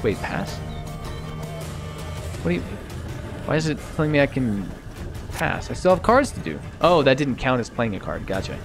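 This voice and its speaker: A man streaming a video game, thinking aloud in a casual, self-mocking way and getting easily excited. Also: a little high. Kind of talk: casual let's-play commentary.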